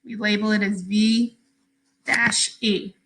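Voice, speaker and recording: A woman teacher giving a recorded phonics lesson for young children, speaking slowly, clearly and patiently with pauses between words. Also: mid-range voice, steady tone, fairly bright tone, low-quality recording.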